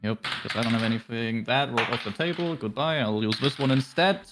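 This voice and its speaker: A man's voice: medium pitch, a little fast, loud music behind the voice. A man playing a tabletop game, hesitant and stammering as he asks questions. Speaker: player. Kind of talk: casual tabletop chat.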